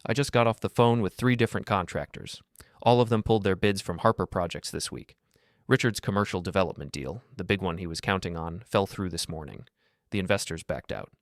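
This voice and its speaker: A man's voice: low voice, a little fast, no echo, studio quality. A man voicing a loyal male friend in a story, blunt and matter-of-fact.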